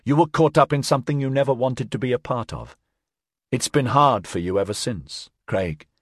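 Earnest persuasive woman, a male narrator puts her on, husky and dry, storybook reading. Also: mid-range voice, normal speed, no echo, pitched above the performer's own voice, natural voice. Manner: earnest, persuasive, soft-spoken. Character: determined pleading adult woman, Bella.

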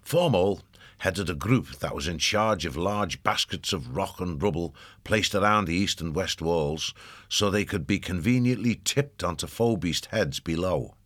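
A man narrates an audiobook in a very low voice with a steady, measured pace. He is recorded close to the mic in a dry room with no echo.

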